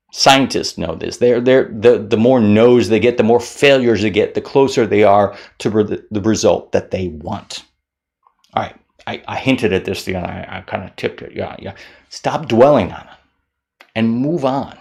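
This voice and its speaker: A man giving a motivational talk to camera, animated, mocking common excuses in whiny voices. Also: lowish voice, normal speed, gravelly. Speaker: motivational speaker.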